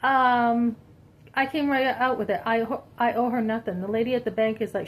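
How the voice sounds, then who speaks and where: A woman vlogger telling a personal story to her viewers in an animated, indignant, chatty way. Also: fairly high pitch, normal speed, slight background noise, low-quality recording. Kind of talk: casual storytelling to camera.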